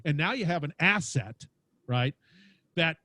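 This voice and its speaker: A man with a big booming voice telling stories animatedly as a podcast guest, acting out quotes as he talks. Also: lively intonation, a little slow, bright, forceful tone, no echo. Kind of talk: lively storytelling interview. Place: home studio with lights.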